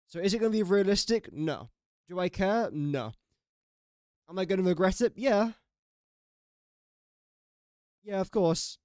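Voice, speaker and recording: Musing aloud through a live game stream, a young man from England chats and pokes fun at his own mistakes. His animated voice sits a little high and sounds smooth, clear and a little mellow, at a moderate pace. The recording is dry and close, with no room or echo around it.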